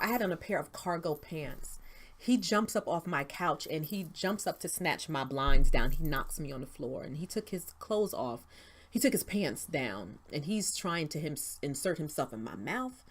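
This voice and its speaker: Low-voiced woman giving earnest testimony. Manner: earnest, faith-driven storytelling, dropping to a hush at tense moments. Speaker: interview guest, founder of a women's outreach. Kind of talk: personal testimony in an interview.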